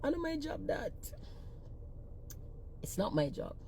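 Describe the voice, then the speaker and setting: A woman's voice: high-pitched, very animated, unhurried, gravelly, warm tone, slight background noise. A woman with a thick Jamaican Patois accent, a singer-songwriter ranting bluntly and with profanity in a casual social media talk.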